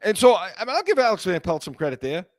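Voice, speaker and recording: A man's voice: sits high, big pitch swings, very fast, no echo, clean studio sound. A man co-hosting a casual sports talk show, blunt and stammering, repeating words when heated. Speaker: co-host.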